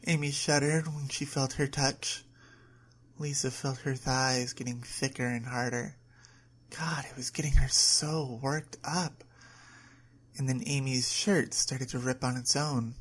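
A woman narrating an adult short story at a steady reading pace. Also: extremely low pitch.

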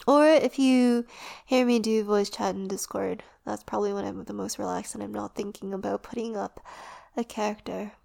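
A woman rambling casually in a relaxed, sleepy way while lying down, her voice soft and often dropping to a whisper. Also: mid-range voice, normal speed, gravelly. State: drowsy, lying down. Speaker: audio performer and creator.

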